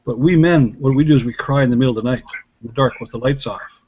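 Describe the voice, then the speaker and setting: A man's voice: mid-range voice, quick pace, a little mellow, breathy edge. A middle-aged man talking earnestly about healing, telling stories with frequent restarts in a casual, reflective way. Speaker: healer and guest speaker. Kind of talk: casual storytelling talk. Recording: dull lo-fi recording with faint noise.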